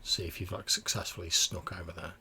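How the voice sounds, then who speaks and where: A man's voice: low-pitched, fairly even intonation, a little fast, gravelly, sharp tone, husky. A man narrating a tabletop game as game master, in a casual, filler-heavy way.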